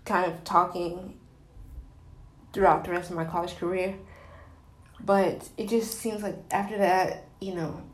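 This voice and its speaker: Young woman, candid rambling storyteller, medium pitch, roomy echo. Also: a little mellow. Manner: candid, rambling, many fillers and restarts. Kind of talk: personal storytelling.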